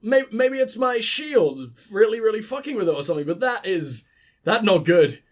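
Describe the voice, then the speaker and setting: A man's voice: high-pitched, big pitch swings, normal speed. A young man with a southern English accent, ill, giving sweary, sarcastic, rambling commentary over a game. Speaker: let's play host. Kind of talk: casual gameplay commentary.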